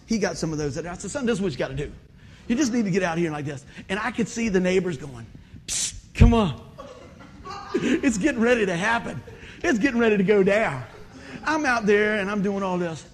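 A middle-aged male pastor with a high voice tells funny stories as he preaches. He is animated, breaks into laughter and shouts out exclamations. A faint hiss sits behind him. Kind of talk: comic storytelling sermon.

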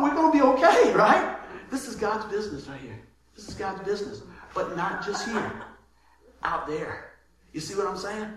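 A male pastor preaching a casual, animated sermon, telling stories with frequent laughter and repeated words. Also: very high-pitched. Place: church. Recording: very echoey church room.

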